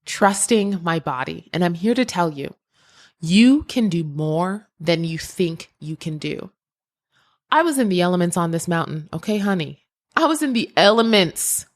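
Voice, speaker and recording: A woman talks straight to her listeners in a motivational podcast monologue. Her voice is lively and rises and falls widely. She leans on repetition to drive each point home. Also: on the low side, a little slow. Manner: emphatic, repeats phrases, addresses listener directly. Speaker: podcast host and creativity mentor.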